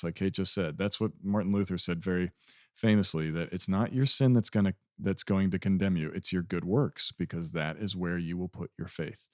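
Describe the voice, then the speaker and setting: A man's voice: deep voice, fairly even intonation, moderate pace, no room sound, clean studio sound. A man co-hosting a conversational Bible discussion, earnest and emphatic, repeating key phrases. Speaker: podcast co-host.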